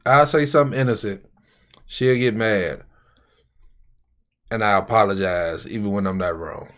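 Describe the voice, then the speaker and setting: A man's voice: on the low side, moderate pace, fairly bright tone. A man co-hosting a podcast in casual chat, teasing and joking. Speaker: podcast co-host.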